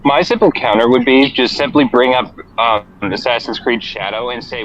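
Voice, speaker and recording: A man on a voice call, matter-of-factly offering quick suggestions in a casual debate. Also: mid-range voice, muffled recording, a crowd in the background.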